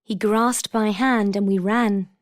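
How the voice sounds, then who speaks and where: A woman reading vocabulary examples for a textbook in a clear, deliberate manner. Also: medium pitch, steady tone. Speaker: textbook audio reader.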